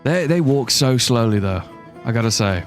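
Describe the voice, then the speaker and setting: A young man talks through his live stream in a loose, rambling way, reading out viewer messages and joking as he goes. His pitch moves around a lot, lifting sharply when something surprises him. Quiet music plays faintly underneath. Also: lively intonation, normal speed. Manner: chatty, rambling, reads chat aloud and jokes. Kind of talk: casual live-stream gameplay commentary.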